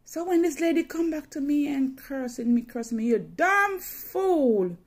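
A woman's voice: high voice, a little fast, dark tone. A woman telling a personal story in a dramatic, emotional way, often repeating phrases.

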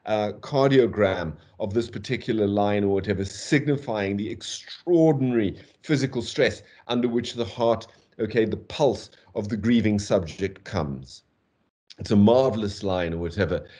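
A man's voice: on the low side, a little mellow. A man giving a university literature lecture, talking in long discursive runs peppered with "okay" and "whatever", and beating out poetic meter aloud. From South Africa. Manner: taps out meter aloud with syllables.

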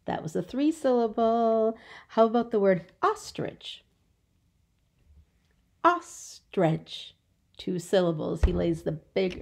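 A teacher giving a phonics lesson to young children, stretching out words slowly so they can count the syllables. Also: female voice, lowish voice, creaky, mellow.

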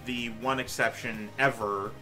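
A man's voice: mid-range voice, fairly even intonation, a little slow, sharp tone. A man in his twenties speaking to his future self, subdued, earnest and hesitant. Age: 20s. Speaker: vlogger recording a time capsule message. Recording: old video clip with music underneath.

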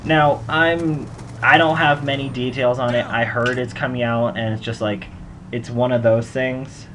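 A man's voice: mid-range voice, fairly even intonation, a little slow, fairly bright tone, a little hiss or hum. A young man hosting casual gameplay commentary, rambling and joking at his own expense. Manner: rambling, self-mocking, joking. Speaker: gaming channel host.

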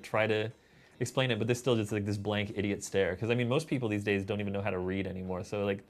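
A man telling stories in a documentary interview, dry and sardonic. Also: lowish voice. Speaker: VHS collector interviewee.

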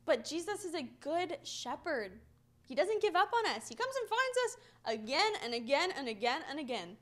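A young woman giving a children's message, telling stories to kids in an animated, playful way. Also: sits high, moderate pace. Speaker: children's minister.

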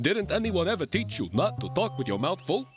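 A man voicing a hungry cartoon aardvark with a sardonic, deadpan wit. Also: high-pitched, brisk. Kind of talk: cartoon voice acting. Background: loud cartoon music score.

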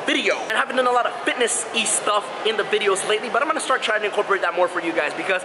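A man filming a casual fitness vlog outdoors, goofy and playful, jumping between loud bursts and mumbles. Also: high-pitched, racing, noisy background. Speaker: fitness vlogger. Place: outdoors, hot sunny day.

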